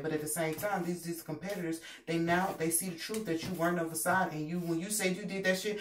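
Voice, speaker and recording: Animated woman doing a tarot reading, cursing a lot, mic far off, faint hiss behind. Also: low voice, a little fast. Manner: animated, profane, emphatic. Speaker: tarot reader. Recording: roomy, distant mic, faint noise.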